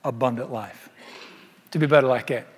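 A male pastor with a medium-pitched, breathy-edged voice preaches at a moderate pace, folksy and emphatic, peppering the congregation with rhetorical questions. The sound carries the long reverb of a large hall, as in a church sanctuary.

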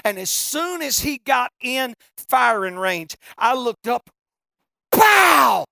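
Preacher, gravelly, bright forceful tone, folksy comic storytelling, dry close sound. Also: medium pitch, slow pace, no room sound. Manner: folksy, animated, bursts into shouting. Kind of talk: humorous storytelling sermon.

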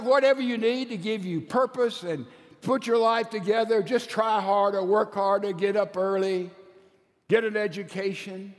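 A man with a high-pitched voice preaches a sermon, retelling a story with emphatic, storytelling energy. He slows down to stretch out the words he wants to land. His voice rings with the long reverb of a large hall.

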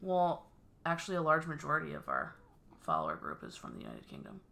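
Woman podcast co-host, bright-voiced, opinionated, quick to laugh. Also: low voice, huge pitch swings, vocal fry. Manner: emphatic, opinionated, laughs often. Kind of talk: casual chat.

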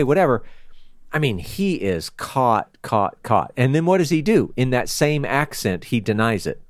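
Lively male Bible teacher. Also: mid-range voice, normal speed, no echo, clean studio sound. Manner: animated, chatty, laughs often. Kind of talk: casual Bible study talk.

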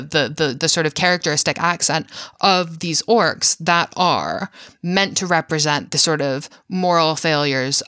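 Bright, dry-sounding podcast host. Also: mid-range voice, no room sound. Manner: hesitant, many filler sounds, frank with casual swearing. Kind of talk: solo film-analysis podcast monologue.

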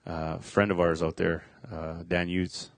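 A middle-aged man telling a personal faith testimony, halting, with many fillers and restarts. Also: deep voice, level tone, gravelly, no room sound. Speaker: speaker sharing a testimony.

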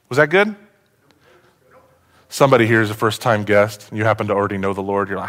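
Animated male pastor preaching a sermon. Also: on the low side, a little fast, pauses often. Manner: animated, asks the congregation questions, swings from loud to hushed.

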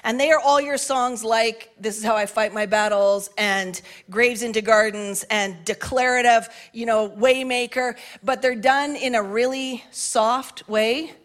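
A middle-aged woman pastor preaches from the front of a church sanctuary with a balcony. Her voice sits high, and her delivery is passionate, climbing to shouts at the strongest points. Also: fairly even intonation, unhurried, few pauses. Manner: passionate, rising to shouts at climaxes. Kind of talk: sermon.

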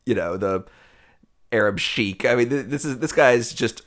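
A man's voice: medium pitch, moderate pace, a bit bright. A man in his forties co-hosting a casual movie podcast, wry and jokey with laughing asides. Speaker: podcast co-host. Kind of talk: casual movie review chat.

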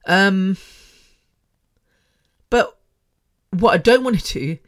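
A woman's voice: mid-range voice, expressive, drawn-out words. A middle-aged woman hosting her own podcast from her bedroom, talking frankly and emotionally, often laughing and restarting her sentences. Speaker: podcast host. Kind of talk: candid personal podcast monologue. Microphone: microphone.

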